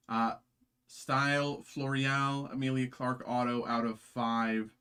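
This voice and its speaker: A man's voice: medium pitch, level tone, slow, pushed and bright, clear, resonant tone. A man hosting a live card-opening stream, chatting casually with lots of fillers, restarts and self-deprecating jokes. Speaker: card break host.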